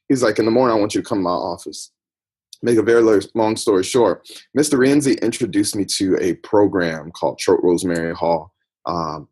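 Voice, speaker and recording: A man's voice: low-pitched, a little mellow, breathy edge. A man from the United States, a podcast guest, recounting his life story in a reflective, personal way. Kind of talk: interview storytelling.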